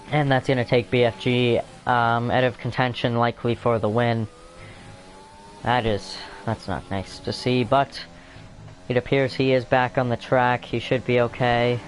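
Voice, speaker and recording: A man's voice: mid-range voice, steady tone, moderate pace, slight background noise. A man casually commentating a sim race, rambling and apologetic, snacking between remarks. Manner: rambling, self-deprecating, talks while eating.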